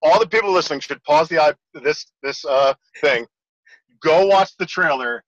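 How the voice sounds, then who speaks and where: A man telling stories in a casual chat, animated and laughing often. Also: fairly high pitch, normal speed, no room sound. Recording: lo-fi audio.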